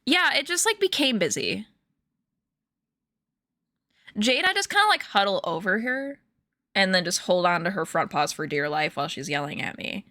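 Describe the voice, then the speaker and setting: Bright-voiced young woman chatting on stream. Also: mid-range voice, very animated, a little fast, no room sound, studio quality. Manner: chatty, rambling storytelling with many fillers and laughs. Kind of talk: casual chat to stream viewers. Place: home room.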